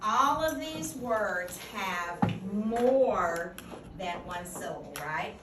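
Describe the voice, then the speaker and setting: Woman teacher, unhurried classroom drills, recorded from across a noisy, echoey room. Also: mid-range voice, expressive. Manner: patient, questioning, drills answers back. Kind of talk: classroom phonics lesson. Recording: echoey classroom from a distant mic with noise.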